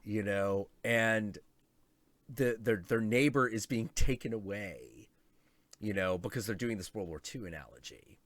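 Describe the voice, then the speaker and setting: A man hosting a casual stream chat, excitable and swearing a lot, acting out quotes as he talks. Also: lowish voice, measured pace, no echo. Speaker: host.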